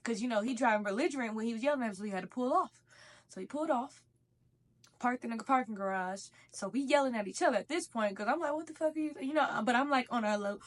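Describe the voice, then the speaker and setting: A woman's voice: fairly high pitch, fast. A young woman telling a casual storytime while eating, in a slangy, profane, conversational way. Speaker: vlogger.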